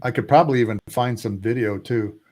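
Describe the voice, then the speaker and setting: A man in his sixties, a retired Air Force pilot, telling animated war stories as a podcast guest and drawing out emphatic lists. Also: medium pitch, fairly quick. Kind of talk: casual storytelling interview.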